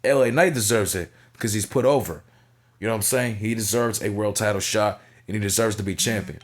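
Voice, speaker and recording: A man giving a blunt, profane, animated review of a wrestling show in casual talk. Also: lowish voice, brisk.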